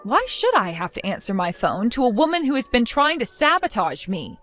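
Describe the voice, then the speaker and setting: A sarcastic, fed-up young wife, voiced by a woman, brushing off her mother-in-law with mockery. Her voice is fairly high and moves around a lot in pitch. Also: big pitch swings, fairly quick, fairly bright tone, soft background music. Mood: dismissive. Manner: sarcastic, mocking, dismissive.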